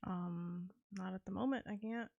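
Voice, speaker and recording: A woman's voice: mid-range voice, steady tone, moderate pace, creaky, darkish tone, no echo, muffled recording. A young woman streaming a cozy game, chatting casually with her viewers and teammates, playful and laughing often. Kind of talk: casual live-stream chat while gaming.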